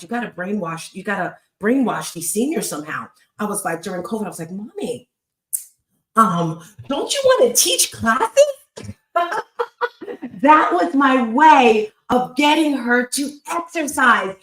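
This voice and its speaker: Host, woman in her fifties; slightly high, emphatic and chatty, echoey room sound. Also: a bit bright. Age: 50s. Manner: emphatic, storytelling, talks to the audience directly. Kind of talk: motivational live chat.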